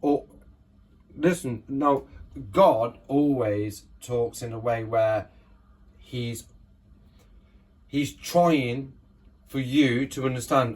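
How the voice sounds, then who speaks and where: A man's voice: medium pitch, measured pace, pauses often, a little mellow, husky. A man giving casual Bible teaching, reading scripture verses aloud and often checking in with his listeners. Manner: conversational, keeps checking in with listeners.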